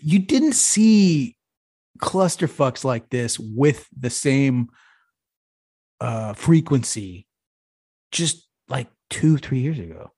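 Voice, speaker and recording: A man's voice: medium pitch, very animated, slow pace, long pauses, mellow, husky, dry recording, clean studio sound. A man co-hosting a podcast in casual banter, telling rambling stories full of swearing. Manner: rambling storyteller, heavy swearing, says "bro". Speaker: podcast co-host.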